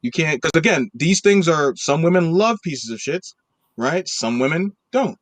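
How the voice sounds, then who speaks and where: Man co-host, emphatic and argumentative, slightly higher voice, dry close sound. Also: animated, normal speed, no room sound. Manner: emphatic, argumentative, tags points with "right?". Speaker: podcast co-host. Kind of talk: casual podcast chat.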